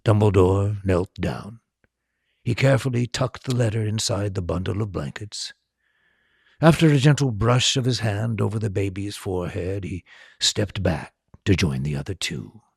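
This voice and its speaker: A man reading a storybook aloud as host, slow and expressive. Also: fairly low pitch, gravelly, breathy edge, no echo.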